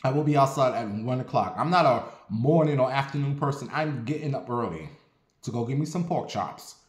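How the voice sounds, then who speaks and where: A man from Ohio telling a casual story in an animated, profane, dramatic way. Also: mid-range voice, a little fast. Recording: roomy echo.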